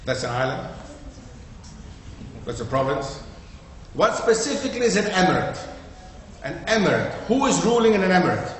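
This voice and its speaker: A man with a high voice teaches a group in a community hall, tossing out questions and checking that listeners follow. The sound is very echoey, like a large room heard through a long reverb, with a little faint noise underneath. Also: big pitch swings, moderate pace, long pauses, a bit bright. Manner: quizzes the audience, checks with "okay?". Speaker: lecturer. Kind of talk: interactive classroom talk.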